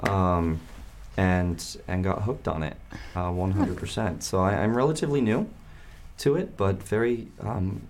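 A man hosting a casual chat as a game master, halting, with many fillers and restarts. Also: sits low, darkish tone, a little hiss or hum. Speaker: podcast host and game master.

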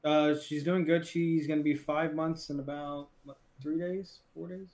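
A man's voice: fairly high pitch, level tone, normal speed, darkish tone. Easygoing rambling man on a podcast. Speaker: streamer and podcast co-host. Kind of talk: casual chat.

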